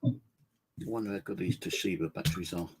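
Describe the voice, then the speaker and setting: A man's voice: sits low, a little fast, a little mellow, a little hiss or hum, poor audio. Man muttering during a ghost-hunt stream. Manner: mutters to himself, calls out to spirits. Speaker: paranormal investigator streaming live. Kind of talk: casual live-stream monologue. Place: at home in his flat, indoors.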